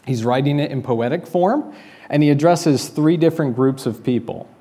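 Mellow-voiced male pastor preaching. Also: a little high, moderate pace. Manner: conversational, explanatory preaching with rhetorical questions. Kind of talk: sermon. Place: church sanctuary.

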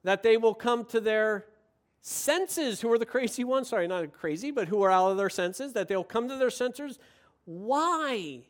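A man preaching a sermon with passion, moving from quiet, reflective passages into excited, emphatic ones. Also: sits high, a little slow.

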